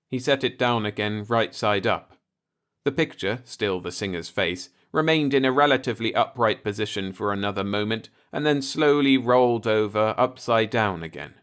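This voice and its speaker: A man narrating a short science fiction story as an audiobook. His delivery is calm and measured, suited to listening before sleep. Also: lowish voice, smooth.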